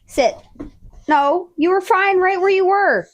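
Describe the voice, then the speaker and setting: A woman livestreaming in casual chat with her viewers, animated, swearing freely and talking to her dogs. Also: very high voice, slow pace.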